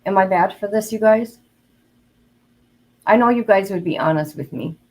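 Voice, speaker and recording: A woman's voice: medium pitch, normal speed, a little mellow, low-quality recording. An older woman hosting a casual livestream, chatty and earnest, talking straight to her viewers and openly emotional. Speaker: livestream host.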